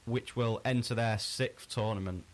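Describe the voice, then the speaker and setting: A man hosting a casual quiz on a podcast, chatty and relaxed, often restarting his sentences. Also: mid-range voice, unhurried. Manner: chatty, easygoing, frequent restarts. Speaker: quizmaster.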